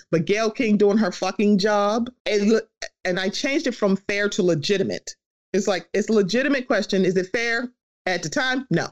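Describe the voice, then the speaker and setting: Podcast host ranting casually, middle pitch, cusses a lot, does little voices for people. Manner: animated, profane, acts out quoted voices. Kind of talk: casual opinion chat.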